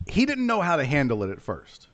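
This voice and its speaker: A man in his forties with a high, lively voice that leaps around as he trades crude jabs and laughs. He talks loudly and tells stories with a swagger. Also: fairly quick, dull audio. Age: 40s. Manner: loud, laughing, profane, animated storytelling. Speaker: podcast host. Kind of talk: casual banter.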